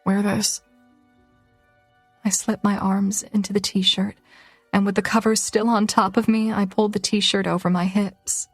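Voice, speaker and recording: A woman's voice: medium pitch, flat delivery, moderate pace, no room sound, soft background music. A young woman reads a first-person romance audiobook, her delivery emotional and tearful. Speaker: audiobook narrator.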